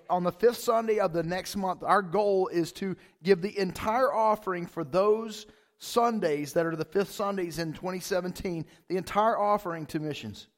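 Casual high-voiced male pastor preaching. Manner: casual, conversational preaching with fillers like "man" and "like". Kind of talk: sermon.

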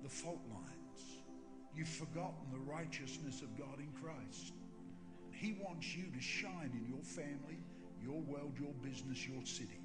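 An older man preaching a sermon as pastor, emphatic and building to shouts in prayer. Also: medium pitch. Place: large church hall. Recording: long hall reverb with music.

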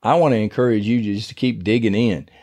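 A man's voice: on the low side, fairly even intonation, brisk, darkish tone. A middle-aged man giving a casual, folksy sermon on his podcast, in a conversational way with loose everyday grammar. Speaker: podcast preacher. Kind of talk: informal sermon.

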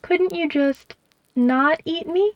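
A woman voicing a small, timid, lonely mouse who speaks in a soft, squeaky, self-doubting way, in a dull, dry recording. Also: slow, no echo. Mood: pleading.

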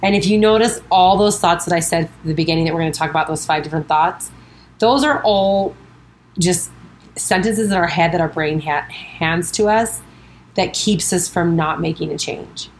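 A woman's voice: fairly low pitch, moderate pace, slight background noise, poor audio. A woman hosting her own podcast as a coach, talking casually and encouragingly, often quoting her own self-talk and checking in with "right?". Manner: chatty, self-talk quotes, frequent "like" and "right?".

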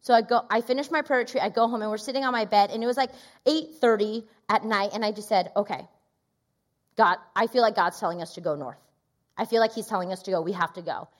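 A woman pastor in her thirties preaching a sermon, telling a personal story in an animated way and acting out the quoted voices. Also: mid-range voice, quick pace. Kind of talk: sermon testimony.

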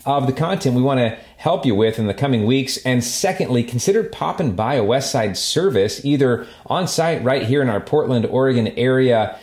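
A man wraps up a church podcast episode and speaks directly to the listeners in a friendly way. His voice sits at a middle pitch, and the recording has a roomy echo. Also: animated, normal speed, few pauses, a little mellow. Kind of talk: podcast sign-off.

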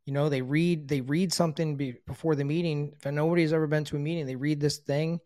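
A man's voice: fairly high pitch, fairly even intonation, quick pace, no room sound. A middle-aged man candidly telling his own recovery story, swearing freely and acting out the people he quotes. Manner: candid, frequent swearing, quotes others in dialogue; grows quiet and subdued in emotional moments. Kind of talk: personal storytelling.

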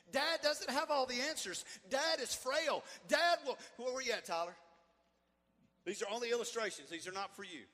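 A middle-aged preacher delivers a sermon in a high, bright voice that keeps swinging between loud bursts and hushed asides. The sound carries a long echo from a large hall. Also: male voice, lively intonation, normal speed. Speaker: pastor. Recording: echoey hall.

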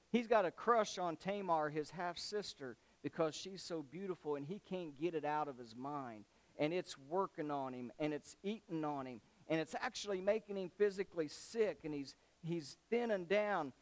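A man teaching a Bible study, retelling the story in an animated, folksy way with casual slang. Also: on the high side, rough recording.

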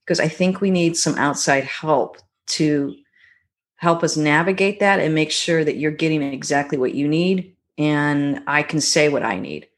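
A middle-aged woman, a guest on a talk show, telling stories about her marriage in a reflective, gentle way. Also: sits low. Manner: warm, reflective storytelling with gentle pauses. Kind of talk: conversational podcast interview.

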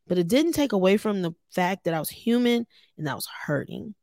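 A woman's voice: mid-range voice, very animated, brisk, a little mellow, no room sound, studio quality. A woman in her thirties hosting a faith podcast, talking earnestly and conversationally to her listeners. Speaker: podcast host. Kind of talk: personal faith podcast talk.

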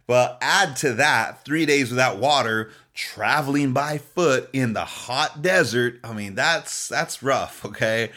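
A man, a pastor, preaching a sermon in an animated storytelling way, laughing often and checking in with the listeners. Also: medium pitch, slow, few pauses. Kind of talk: sermon with personal stories.

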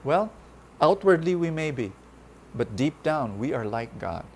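A man's voice: fairly high pitch, big pitch swings, a little slow, slight background noise. A man preaching a sermon, telling a parable and then praying, earnest and repeating key phrases for emphasis.

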